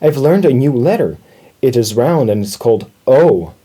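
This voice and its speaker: A man voicing an excited little boy mouse in a children's storybook, eager and polite. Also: medium pitch, moderate pace, husky.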